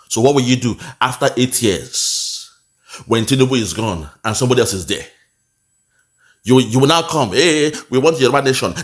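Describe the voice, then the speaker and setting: A man with a Nigerian accent giving heated, mocking commentary on a video clip, slipping into pidgin. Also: mid-range voice. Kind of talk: reaction commentary.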